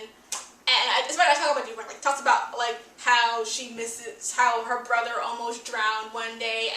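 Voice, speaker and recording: A woman's voice: on the high side, echoey room, far from the mic, a little hiss or hum, poor audio. A woman giving a chatty, opinionated recap of a TV episode. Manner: chatty, opinionated, animated retelling.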